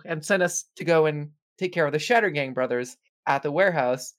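Lively podcast co-host. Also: mid-range voice, a little fast, few pauses. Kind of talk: casual chat.

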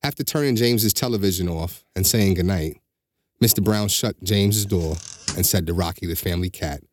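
A man narrating a bedtime story slowly and steadily, giving each character a voice. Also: low voice. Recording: music bed behind the voice.

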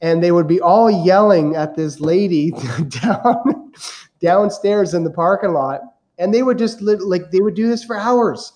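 A man as a podcast guest, telling stories in a lively, amused way. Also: sits high, measured pace. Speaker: guest real estate investor. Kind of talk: casual storytelling.

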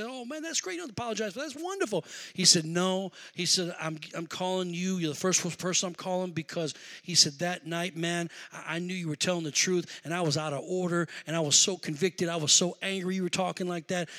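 A man's voice: high voice, pushed and bright. A middle-aged male pastor, telling a personal story in a sermon and rising into fervent preaching.

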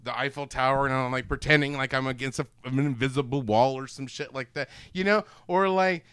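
A man co-hosting a casual film discussion, excitable and profane, breaking into sound effects as he talks. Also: medium pitch, a little fast, clean tone, no echo.

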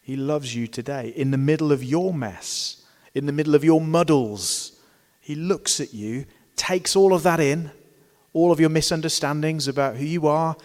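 A man preaching a sermon in a church, emphatic and dynamic, pressing hard on key words and then dropping to a hushed tone. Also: a little high, normal speed, in a large hall. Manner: emphatic, swings between loud stresses and quiet drops.

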